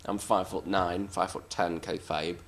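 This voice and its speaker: A man with a fairly low voice spins wrestling stories in a loose, casual way. He is blunt and swears freely, often poking fun at himself. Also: steady tone, moderate pace, a little hiss or hum. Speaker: professional wrestler interviewee. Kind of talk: casual anecdotal storytelling.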